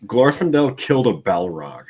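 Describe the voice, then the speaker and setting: A man's voice: medium pitch, big pitch swings, moderate pace, darkish tone, breathy edge. A man in casual book chat, enthusiastic and swearing freely, with lots of fillers. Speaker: book club co-host.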